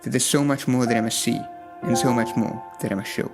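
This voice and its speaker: A man narrates his travel vlog in a calm, reflective voice-over. Music plays clearly behind his voice. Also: medium pitch, a little fast. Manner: calm, thoughtful, relaxed. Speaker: vlogger.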